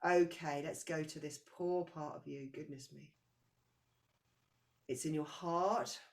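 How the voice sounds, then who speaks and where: A woman's voice: sits low, steady tone, slow, vocal fry. Intense woman giving a spiritual reading. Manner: intense, repetitive, searching for words. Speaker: past-life reader.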